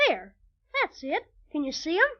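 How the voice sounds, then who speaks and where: An actress playing an eager, excitable young boy in an old radio drama, bursting into exclamations. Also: high-pitched, moderate pace, heavily acted. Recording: dull old radio recording.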